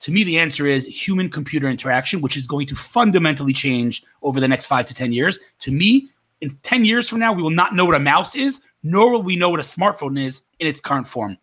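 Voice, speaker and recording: Male guest, from Israel, quick and lively delivery, bright, slightly husky voice. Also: on the high side. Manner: rapid, animated storytelling. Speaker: guest entrepreneur. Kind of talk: casual interview talk.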